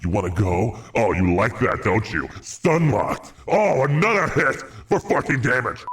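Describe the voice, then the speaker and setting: A man's voice: deep voice, moderate pace, recorded from a distance, lightly acted. A man playing a cocky male gamer who taunts an enemy in the middle of a fight. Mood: taunting. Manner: taunting, mocking.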